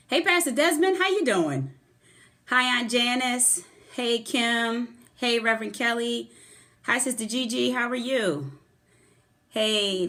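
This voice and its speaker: A middle-aged woman hosts a live motivational stream from her phone, greeting each viewer by name with effusive energy. She speaks at a middling pitch for a woman, casual and lively. The sound is that of a phone held to record indoors. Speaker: host of a motivational livestream. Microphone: phone camera.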